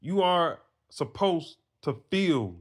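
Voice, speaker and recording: A man's voice: fairly high pitch, very animated, takes it slowly. Earnest man preaching to other men. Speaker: vlogger giving advice to men. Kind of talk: casual storytelling monologue.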